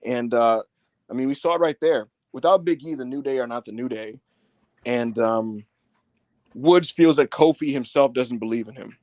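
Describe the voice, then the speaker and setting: A man's voice: medium pitch, moderate pace, no echo. A man co-hosting a casual wrestling review podcast, retelling scenes with acted-out quotes and lots of profanity. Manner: animated storytelling with acted-out quotes. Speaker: podcast co-host.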